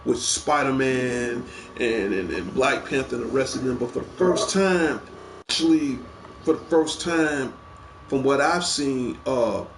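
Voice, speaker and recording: This show host has a mid-range voice and an unhurried pace, recorded in an echoey room with some background noise. He talks eagerly about movies in a casual, rambling way, full of repeated words.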